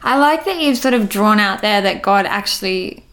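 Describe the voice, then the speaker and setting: A woman's voice: mid-range voice, lively intonation, moderate pace, fairly bright tone. A woman interviewing a guest, affirming him with short encouraging replies. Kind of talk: casual interview chat.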